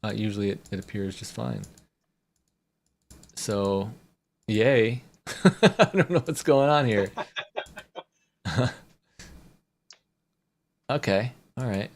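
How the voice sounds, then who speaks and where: Co-host, easygoing, slow speech, casual Bible talk, short agreeing replies. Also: mid-range voice, slight background noise. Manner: relaxed, brief agreeing replies, light laughter. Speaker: co-host reading from Bible software.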